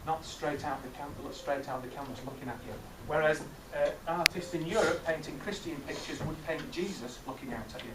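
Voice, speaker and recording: Male teacher, middle-aged, lively and questioning; distant mic, roomy echo. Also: on the high side, fairly quick, few pauses. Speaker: teacher leading a maths master class. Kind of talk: classroom teaching with questions to pupils. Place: classroom. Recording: echoey classroom from far off, noisy.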